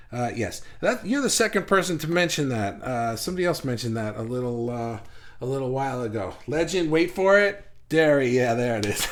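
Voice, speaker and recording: A man hosting a live stream, reading viewers' comments aloud and riffing on them in a rambling, self-mocking way. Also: medium pitch. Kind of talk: casual live-stream chat.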